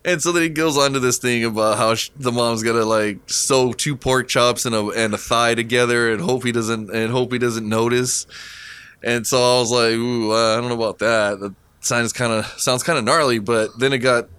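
A man's voice: mid-range voice, fairly even intonation, normal speed, a bit bright, clean tone, no echo. A man telling profane, laughing stories in a casual podcast chat. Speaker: podcast co-host.

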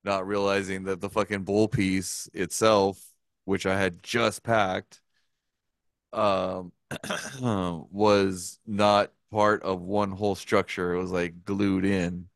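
A low-voiced man rambles through a story, swearing constantly and leaning on fillers. The sound is dry and close, with no room echo. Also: little pitch movement, slow, creaky. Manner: profane, rambling, many fillers. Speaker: podcast co-host telling a story. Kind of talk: casual storytelling.

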